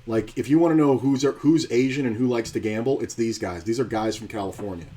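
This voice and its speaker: A man's voice: mid-range voice, fairly quick, warm tone, a little hiss or hum. A man streaming online poker, talking through his hands in a blunt, profane way as he thinks aloud. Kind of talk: live-stream poker commentary.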